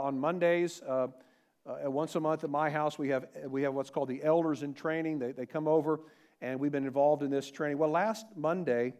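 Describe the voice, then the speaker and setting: A middle-aged man preaching a sermon as pastor, animated, asking rhetorical questions and shifting between emphatic and quiet delivery. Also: on the high side.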